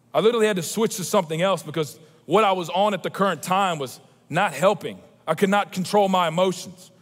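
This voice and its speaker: A man, preaching a sermon as pastor with animated, emphatic personal storytelling. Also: on the high side. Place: large church auditorium. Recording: long reverb of a church auditorium.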